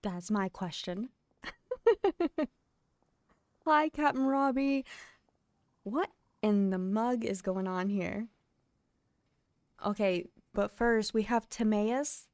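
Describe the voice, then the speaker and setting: A woman's voice: mid-range voice, drawn-out words, pauses often, no echo, clean studio sound. A young woman streamer chatting casually and giggling as she tells stories while gaming.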